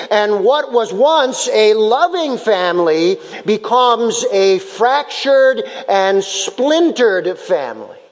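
A man's voice: high voice, big-room sound. A man preaching a sermon as pastor, repeating key phrases for emphasis and acting out little dialogues to make his point.

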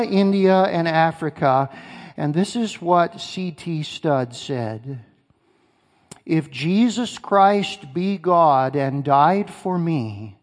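Man, pastor, sermon, asks the congregation questions, long hall reverb. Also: a little high. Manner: emphatic, repeats key phrases, asks the congregation questions.

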